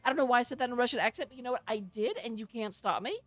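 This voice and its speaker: Goofy, higher-voiced woman casting an esports stream from home, self-mocking, over quiet background music. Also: rapid-fire, no room sound. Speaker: esports tournament caster. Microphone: headset.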